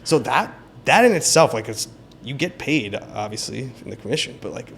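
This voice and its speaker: A man's voice: medium pitch, moderate pace, creaky, slight background noise. A man being interviewed as a realtor, telling a story in casual talk and acting out the quoted lines. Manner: animated, acts out quoted dialogue. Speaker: realtor guest.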